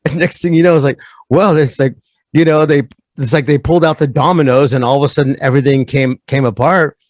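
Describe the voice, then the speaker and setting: A man with a fairly high voice, recorded dry and close, riffing with energy in a podcast chat. He jumps between thoughts and mockingly imitates others. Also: steady tone, quick pace, no echo. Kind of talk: casual podcast conversation.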